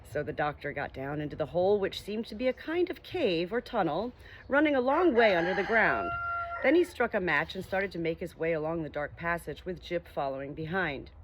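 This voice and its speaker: Gentle woman reading a storybook. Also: lowish voice, big pitch swings, a little fast, a little hiss or hum. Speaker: audiobook reader. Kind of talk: storybook narration.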